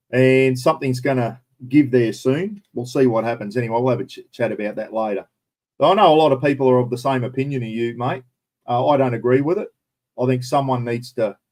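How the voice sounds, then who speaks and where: A man's voice: mid-range voice, darkish tone. A middle-aged Australian man hosting a casual live stream and answering viewers, blunt and opinionated, swearing now and then. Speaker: livestream host.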